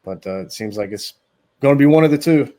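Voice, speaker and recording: A man's voice: medium pitch, lively intonation, a little fast, warm tone. Hesitant male recruiting analyst. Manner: hesitant, many ums and repeated words. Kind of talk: casual sports radio interview.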